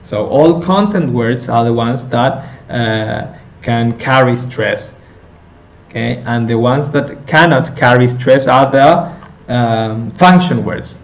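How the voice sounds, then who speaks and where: A male teacher slowly explaining a lesson step by step, with many fillers and self-corrections. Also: medium pitch, gravelly. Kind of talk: recorded lecture on intonation.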